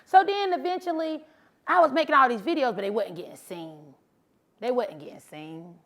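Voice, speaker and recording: A woman who drives trucks, telling her story in a bubbly, animated motivational speech to a live audience and talking casually to the crowd. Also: high voice, normal speed. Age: adult, mother of sons. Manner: casual, chatty, addresses crowd as honey and y'all. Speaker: truck driver and social media creator. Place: live event before an audience.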